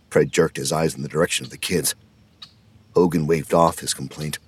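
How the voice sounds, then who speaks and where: A man narrating an audiobook in a measured, wry storytelling manner. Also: extremely low pitch, steady tone, slightly rough, dry recording. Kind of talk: scripted narration.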